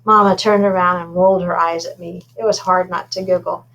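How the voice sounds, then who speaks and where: A woman reads a first-person children's novel aloud in an informal, unpolished way. She trips over words now and then and adds asides about her own slips. Her voice sits fairly low for a woman. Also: fairly even intonation, fairly quick, creaky, a bit bright, lo-fi sound. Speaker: reader.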